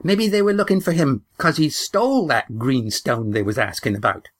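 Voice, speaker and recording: A man's voice: mid-range voice, normal speed, pitched above the performer's own voice, natural voice. A man voicing a suspicious old village grandmother who talks shrilly and accuses everyone. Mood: shrill, accusing. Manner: scolding, accusing.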